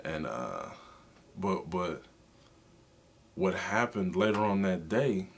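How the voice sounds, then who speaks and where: A man in his twenties giving an informal teaching talk, telling a story with many halting repeats and loud acted-out outbursts. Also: low voice, big pitch swings, creaky, breathy edge. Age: 20s. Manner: storytelling, acts out his own past outbursts loudly; halting, repeats words often.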